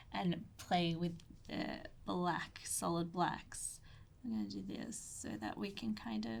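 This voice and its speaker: A woman's voice: mid-range voice, gravelly. Chatty Australian woman drawing. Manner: rambling, chatty, self-deprecating with asides and fillers. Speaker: artist demonstrating a drawing. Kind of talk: casual drawing tutorial.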